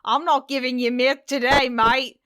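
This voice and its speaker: A woman's voice: sits high, flat delivery, moderate pace, fairly bright tone, voice pushed up. A woman voicing a sassy, stubborn talking female dairy cow in a mangled British-Australian put-on accent, calling people mate.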